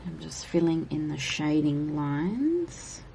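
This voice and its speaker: A woman chatting casually as she colors for a vlog, rambling with frequent "like" and breaking into a high baby voice for her cats. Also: sing-song, takes it slowly, creaky, mellow, slight background noise. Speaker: coloring vlogger. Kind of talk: casual color-and-chat commentary.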